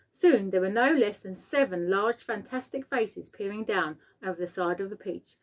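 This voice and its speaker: Woman teacher, expressive read-aloud for children. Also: medium pitch, moderate pace, hardly any pauses. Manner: expressive storytelling. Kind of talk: reading a children's book aloud.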